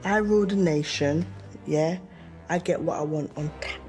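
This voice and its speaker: Woman playing a brash slang king, low and boastful. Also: moderate pace, darkish tone, faint music behind, natural voice. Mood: arrogant. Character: swaggering arrogant king, man.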